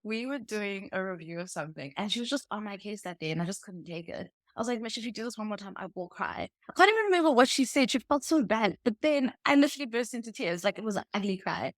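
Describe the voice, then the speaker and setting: A woman co-hosting a casual chat, relaxed, steering the talk with quick asides. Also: mid-range voice, no room sound, studio quality. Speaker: podcast co-host.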